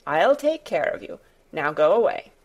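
A woman's voice: sits low, sing-song, normal speed, full character voice. A woman voicing a spoiled, imperious invalid boy who speaks in a commanding, haughty way.

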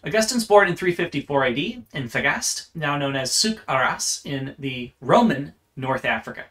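A man's voice: a little high, animated, normal speed, a bit bright. A man teaching church history in an unscripted lecture, earnest and explanatory, often restarting his phrases.

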